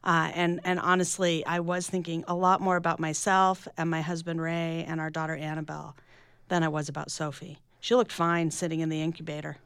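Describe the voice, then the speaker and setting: A woman's voice: low voice, flat delivery, a little fast, fairly bright tone, clean tone, no room sound. A middle-aged woman, an author talking candidly and reflectively in a radio interview, often restarting her sentences. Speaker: author and guest.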